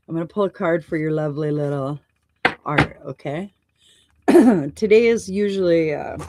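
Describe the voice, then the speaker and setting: A woman hosting a live oracle card reading. She speaks gently and affirmingly, wandering and restarting phrases as she describes what she senses. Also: sits low, no echo. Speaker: show host and oracle card reader.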